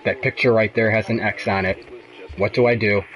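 A man's voice: lowish voice, steady tone, brisk, muffled recording. A young man commenting on a horror game, frightened and swearing as he talks to himself. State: shaking with fear. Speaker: gamer.

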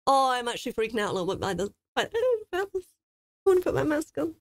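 A young woman streaming a horror game, excitable and easily scared, swearing often as she plays. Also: a little high, fast, no room sound. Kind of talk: gaming commentary.

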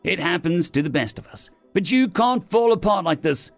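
Dude putting on a cussing lady general, blunt and bossy, lively up-and-down voice. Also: high voice, normal speed, creaky, no room sound, soft background music, pitched above the performer's own voice. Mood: scolding. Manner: blunt, profane, scolding. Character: brash foul-mouthed small woman general.

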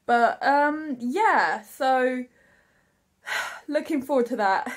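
Slow-talking giggly young woman vlogger. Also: sits high, lively intonation, a bit bright. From England. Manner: chatty, giggly, self-mocking. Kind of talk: casual vlog talk.

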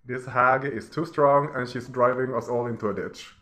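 A man in the middle of a scornful rant, talking at an ordinary pitch while he clicks through pages at his computer. He laughs and mutters as he goes, and his voice keeps swinging between loud outbursts and low grumbles. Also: fairly even intonation, normal speed, very noisy. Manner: mocking, ranting, laughs often. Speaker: vlogger. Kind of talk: casual ranting commentary while browsing.

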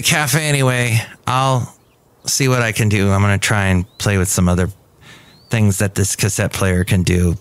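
Low-voiced rambling male podcast host. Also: no echo. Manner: chatty, rambling, self-mocking. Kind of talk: casual chat.

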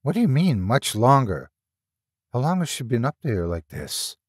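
A man voicing a furious grown son who shouts and demands answers in an audiobook horror story. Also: mid-range voice, very animated, moderate pace, slightly rough, no echo, studio quality. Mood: demanding. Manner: loud, commanding shouts.

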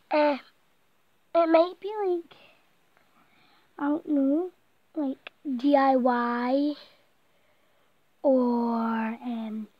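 A woman's voice: sits high, dry recording, lo-fi sound. A woman vlogging from inside a small blanket fort at night, out of breath, rambling and chatty and now and then dropping to a whisper. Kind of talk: casual night vlog. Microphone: camera set close by.

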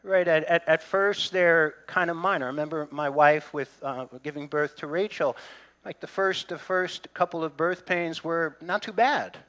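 A middle-aged male pastor delivers a sermon in a friendly, conversational way, breaking off for jokes and asides to the people in front of him. His voice sits a little high and has a bright, sharp edge. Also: normal speed. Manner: conversational preaching with humor and asides to the congregation.

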